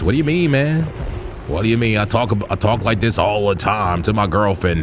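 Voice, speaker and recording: Over some background noise, a man with a lowish voice talks at normal speed while hosting a crypto trading stream. He keeps the chat with viewers casual and slangy, laughing a lot and repeating himself.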